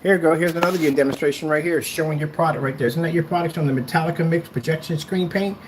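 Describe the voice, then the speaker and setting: A man's voice: fairly high pitch, quick pace, a little hiss or hum. A man who makes screen paint, delivering a sarcastic, rambling online rant that taunts a rival.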